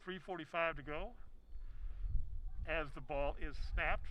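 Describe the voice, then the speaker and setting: A man calling a high school football game with folksy, chatty commentary, full of fillers and self-deprecating asides. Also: fairly even intonation, unhurried, long pauses, over music, poor audio. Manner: folksy, chatty, laughs at himself, lots of fillers. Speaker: play-by-play announcer.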